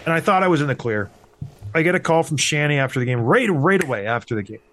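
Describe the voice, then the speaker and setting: A man's voice: fairly high pitch, lively intonation, quick pace, fairly bright tone. A man in his thirties telling a hockey story in casual chat, acting out the voices of the people he quotes. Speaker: podcast host, former hockey player.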